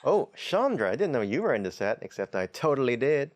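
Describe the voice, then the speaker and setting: A man's voice: medium pitch, expressive, fast. A man hosting a casual card-opening video, reading card text aloud with wry, chatty asides. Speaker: host of a tabletop channel. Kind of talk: casual unboxing commentary.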